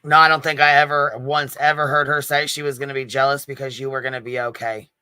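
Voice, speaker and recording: A man comments on a replayed clip, indignant and profane, stumbling over repeated words. His voice is bright and smooth, recorded close and dry. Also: medium pitch, flat delivery, fast talker, no room sound. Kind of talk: reaction commentary.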